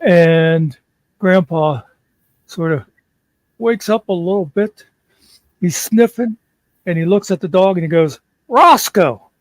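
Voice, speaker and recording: A man's voice: on the high side, darkish tone, no room sound. A man co-hosting a casual chat, telling a long joke in a leisurely storytelling way. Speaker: co-host.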